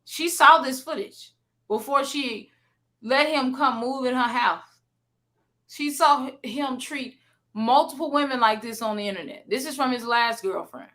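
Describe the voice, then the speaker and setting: A woman's voice: sits high, unhurried, fairly bright tone. A woman hosting a casual reaction commentary, making blunt, sassy asides to her chat. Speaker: commentary host.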